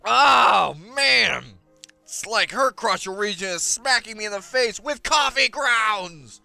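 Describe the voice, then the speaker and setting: A man's voice: high-pitched, lively intonation, takes it slowly, gravelly, pushed and bright, no echo, soft background music. A young man doing goofy, exclamatory let's play commentary on a close mic. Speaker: gaming YouTuber.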